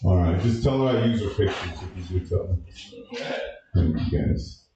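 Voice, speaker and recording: A man doing an open-mic stand-up set, halting with lots of uh and restarts. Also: low voice, recorded from a distance, muffled recording, background noise. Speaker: stand-up comedian. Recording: echoey room from a live mic.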